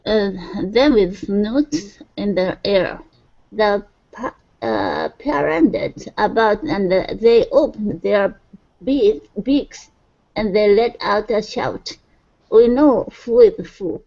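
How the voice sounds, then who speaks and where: A woman reading a rhyming story aloud in a lesson, halting and restarting words. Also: medium pitch, gravelly, mellow, highs cut off. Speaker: student.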